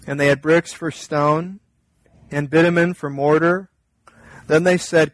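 A man preaching a sermon, reading scripture and explaining it earnestly, his voice climbing and growing louder when he presses a point. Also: normal speed, long pauses, no echo, low-quality recording. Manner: earnest preaching, rises in pitch and volume when stressing a point. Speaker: pastor.

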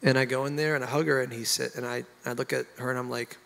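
A man, a pastor, sharing his testimony in an animated, emotional way and getting loud at the high points. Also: fast, gravelly, big-room sound. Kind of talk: candid conversational testimony.

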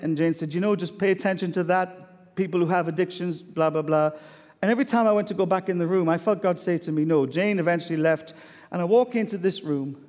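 A man's voice: fairly high pitch, darkish tone, big-room sound. A middle-aged male pastor preaching a sermon, telling stories emphatically and challenging the congregation with rhetorical questions.

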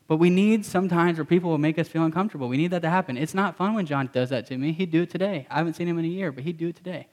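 Higher-voiced man preaching emphatically. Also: very fast, hardly any pauses, darkish tone. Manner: emphatic and repetitive, casual slang. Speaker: pastor. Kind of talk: sermon.

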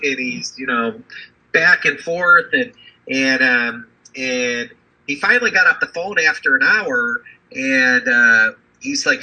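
Husky, bright-toned man telling a story. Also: mid-range voice, measured pace, low-quality recording. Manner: rambling, many fillers and restarts. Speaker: physician and family business executive. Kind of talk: conversational interview storytelling.

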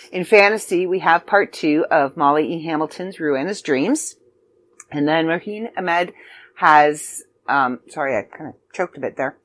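A woman's voice: low-pitched, fairly bright tone, no echo. A woman hosting a podcast about her magazine, chatty and a bit scattered, with frequent ums and asides. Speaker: podcast host and magazine contributor. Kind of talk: casual podcast chat.

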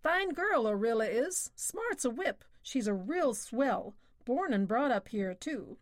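Lady doing a chatty garage guy, folksy gossip, voice pushed up high, storybook. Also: sing-song, slow pace, no echo, studio quality. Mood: gossipy. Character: chatty small-town garage man.

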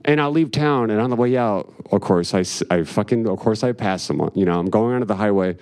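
A man's voice: fairly low pitch, fairly quick, darkish tone. A man telling a rambling personal story on stage, with profane, wry asides. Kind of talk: live storytelling with jokes.

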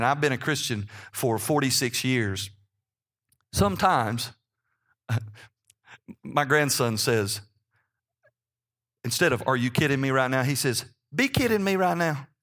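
A man's voice: fairly high pitch, pushed and bright. Chatty pastor in his fifties preaching. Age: 50s. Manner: conversational preaching, often checking in with "okay?". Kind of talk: sermon.

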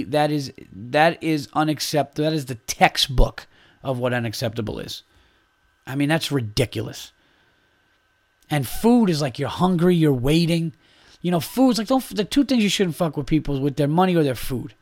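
A man hosting his own podcast, ranting in a heated, casual way and swearing freely. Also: on the high side. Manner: animated, heated ranting with profanity. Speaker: podcast host. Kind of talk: casual solo podcast rant.

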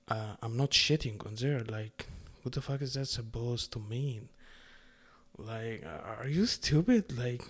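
Young guy from the middle east, swearing a lot, sarcastic rant, mid pitch. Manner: profane, animated, sarcastic. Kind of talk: casual rant to camera.

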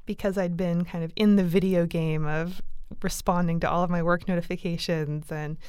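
A woman casually telling a personal story in conversation, animated and laughing often, with lots of fillers. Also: on the low side, moderate pace, smooth, dry recording, clean studio sound.

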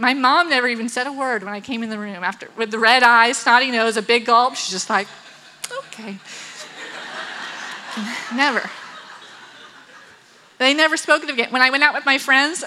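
A woman's voice: high-pitched, steady tone, fast talker, pushed and bright, low-quality recording. A woman with children tells a personal story, acting out the quotes and laughing often. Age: adult with children. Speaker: speaker telling a personal story.

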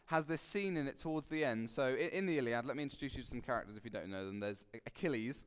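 A man giving a relaxed, conversational sermon, joking and acting out quotes with sudden loud bursts. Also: medium pitch, fast talker. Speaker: preacher. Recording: long hall reverb.

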